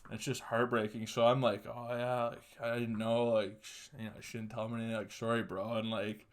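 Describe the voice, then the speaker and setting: A man's voice: medium pitch, level tone, fairly quick, few pauses. A young man hosting a solo podcast, telling a story casually, swearing constantly and laughing mid-sentence. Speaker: podcast host.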